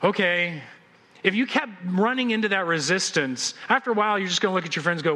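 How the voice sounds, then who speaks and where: Bright, high-voiced male pastor preaching. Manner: animated storytelling with quick restarts. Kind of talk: sermon.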